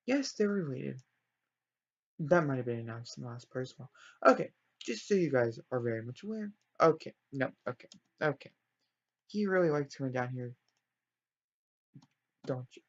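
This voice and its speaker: His voice is fairly high and slightly rough, expressive at a normal speed but broken by long pauses. This man casually narrates a story from a life-simulation game as a let's-play storyteller, rambling, self-correcting, and apologetic. The lo-fi recording sounds dull.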